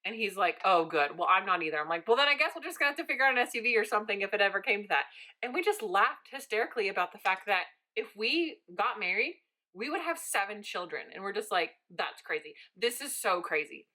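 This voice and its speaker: Young woman, bright voice, casual storytelling, chatty, acts out dialogue. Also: medium pitch, animated, fast. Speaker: vlogger.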